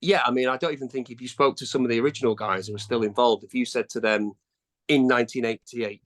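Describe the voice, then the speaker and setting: A man's voice: mid-range voice, fairly even intonation, fast, fairly bright tone. Middle-aged male singer, casual guest, rambling, hesitant restarts. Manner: rambling, chatty, many fillers and restarts. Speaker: singer in a tribute band, interview guest. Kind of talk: casual interview answers.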